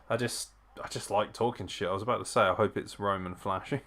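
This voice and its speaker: Low-voiced man in casual watch-along chat. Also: fairly even intonation, normal speed, bright, forceful tone. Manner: casual, profane, chuckling reactions. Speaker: wrestling show host. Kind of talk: live watch-along commentary.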